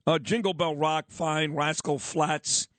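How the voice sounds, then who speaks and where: Male radio host, middle-aged, quick teasing comebacks, a bit high, dry close mic. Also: fairly even intonation, fairly bright tone, no room sound. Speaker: radio talk show host. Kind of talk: casual radio banter. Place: radio studio.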